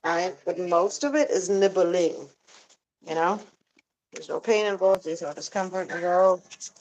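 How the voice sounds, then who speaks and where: A woman's voice: on the low side, a little slow, darkish tone, a little hiss or hum. A woman vlogger chatting casually while outdoors by an animal coop at night, coaxing and fondly talking to her animals. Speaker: pet owner vlogger. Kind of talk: casual chat while doing evening chores.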